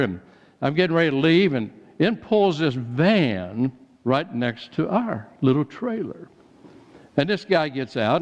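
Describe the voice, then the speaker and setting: An older man preaching a sermon, telling personal stories in a folksy way and becoming animated when he quotes others. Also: on the high side. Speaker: pastor. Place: church sanctuary. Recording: dull church recording with long reverb.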